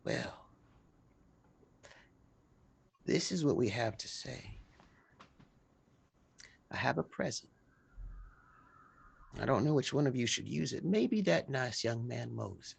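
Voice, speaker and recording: A man's voice: medium pitch, animated, measured pace, vocal fry, long pauses, breathy edge, full character voice. A man voicing a tired, motherly old woman healer in a tabletop game, coaxing and stern. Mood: weary.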